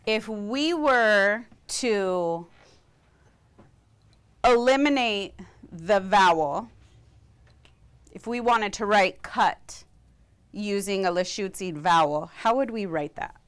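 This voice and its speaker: Slow, smooth-voiced woman teaching a class. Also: medium pitch, animated, a bit bright. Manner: slow, careful, modeling sounds for students. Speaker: language teacher.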